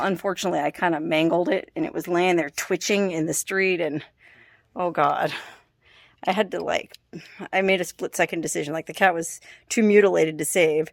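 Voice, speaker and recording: A young adult woman vlogs casually to the camera from a hot house and a shaded yard, sounding distressed and apologetic with nervous laughter. Her voice is fairly low and a bit bright, with no echo.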